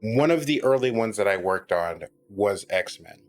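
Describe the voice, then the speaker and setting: A man's voice: fairly low pitch, expressive, a little slow. Man, casual podcast chat, rambling, restarts sentences, faint background music. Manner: rambling, frequent restarts and filler words. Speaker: podcast guest.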